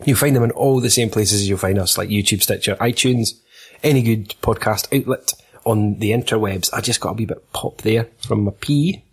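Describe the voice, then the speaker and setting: Husky Scottish podcast host. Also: male voice, fairly low pitch, normal speed. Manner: giggly, sweary banter. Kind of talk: casual chat.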